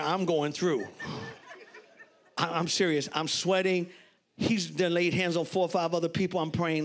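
High-voiced storytelling preacher man. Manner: storytelling preacher, loud animated exclamations. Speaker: pastor. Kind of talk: sermon.

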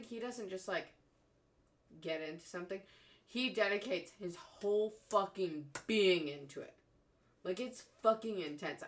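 A young woman co-hosting a casual chat, animated, laughing often and swearing constantly. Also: medium pitch. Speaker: podcast co-host.

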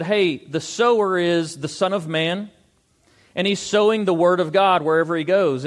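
A male pastor preaching a sermon, reading scripture aloud and asking the congregation rhetorical questions. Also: sits high. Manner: reads scripture aloud, slows for stressed words.

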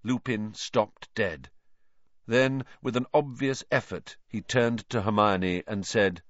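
A man narrating a novel aloud in slow, expressive storytelling. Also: lowish voice, no echo. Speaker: audiobook narrator. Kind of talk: scripted narration. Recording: dry, dull lo-fi recording.

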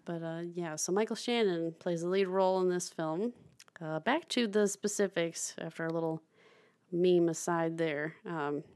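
A young woman talks films on a podcast in a casual, rambling way. Her voice sits fairly low, and she laughs easily and trips over her words with plenty of fillers. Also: normal speed, darkish tone. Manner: chatty, laughs often, many fillers and restarts. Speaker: podcast co-host. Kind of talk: casual chat about films.

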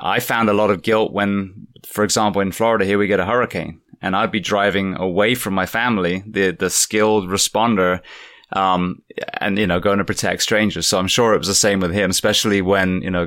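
A man's voice: sits low, a bit bright, dry recording, clean studio sound. A man hosting a podcast, chatting casually with a guest and often restarting and repeating words. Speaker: podcast host. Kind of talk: casual interview chat.

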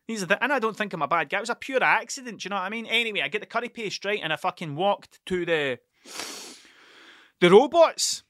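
Scottish male podcast host, crisp bright tone on a dry close mic, sweary and tangent-prone. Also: sits high, dry recording. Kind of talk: rambling monologue.

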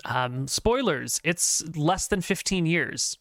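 A man's voice: on the high side, animated, slow, fairly bright tone, no room sound. A man narrating a tabletop game as game master, talking loosely with fillers.

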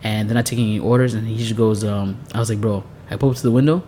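A man co-hosting a podcast, telling stories in an animated casual way with frequent laughter. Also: lowish voice, rapid-fire, slight background noise. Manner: animated storyteller, laughing often. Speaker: podcast co-host. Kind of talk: casual chat.

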